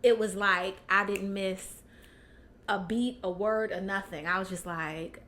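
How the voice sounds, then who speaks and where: A woman's voice: medium pitch, fairly even intonation, unhurried, a bit bright, a little hiss or hum. A woman guest on a podcast, talking candidly with many fillers and restarts and laughing often. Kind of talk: candid personal chat.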